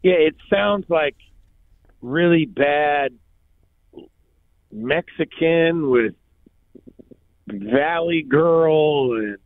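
A man in casual podcast chat, animated and slangy. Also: fairly high pitch, very slow, long pauses, no room sound, phone-quality sound. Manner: animated, slangy, says bro.

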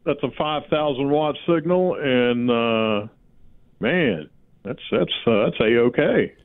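A teasing, joking man calling in over a tinny phone line. His voice is middle-pitched and dry. He likes ribbing the host. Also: takes it slowly, smooth, dry recording. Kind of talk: casual radio chat.

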